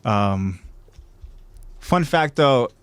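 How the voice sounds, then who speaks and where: A man hosting a podcast who recaps an episode with animated storytelling and chats casually. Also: medium pitch, very slow, clear, resonant tone, no room sound. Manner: animated storyteller, doing voices. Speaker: podcast host.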